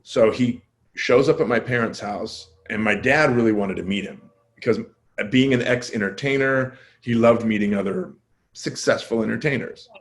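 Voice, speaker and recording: A male comedian telling a story as a podcast guest, casual and self-deprecating, acting out quoted dialogue with his voice jumping up and down. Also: moderate pace. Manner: animated, acts out quoted dialogue with jumps in pitch.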